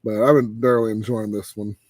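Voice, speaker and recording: A man hosting a casual late-night chat, animated, his voice leaping high when he gets excited. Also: fast talker, a crowd in the background. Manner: animated, exclaims with big pitch jumps when excited. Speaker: podcast host.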